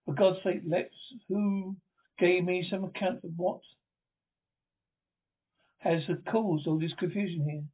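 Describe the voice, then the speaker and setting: A man's voice: high voice, fairly even intonation, slow, pauses often, breathy edge, exaggerated voice. A man reading the part of a distraught young man of the house, urgent and pleading. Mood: frantic. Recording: tinny phone-like audio.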